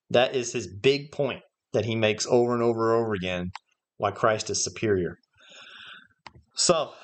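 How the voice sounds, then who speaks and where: A man teaching a livestreamed Bible study in an ordinary mid-range voice. He works through Greek terms one at a time and thinks aloud, pausing often on "uh" as he explains. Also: mid-range voice. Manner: explains Greek words step by step, thinking aloud with frequent "uh" fillers. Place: church livestream.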